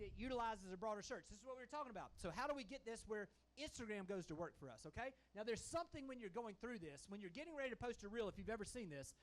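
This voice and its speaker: A man presents at a conference with a folksy, emphatic manner, often checking in with the audience. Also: sits high. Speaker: conference panelist. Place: conference hall stage. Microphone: handheld microphone.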